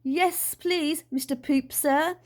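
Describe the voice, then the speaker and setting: A woman voicing an excitable, dreamy dad who believes he is a birdman, talking in an eager, breathless way. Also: slow pace. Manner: eager, breathless, high and loud.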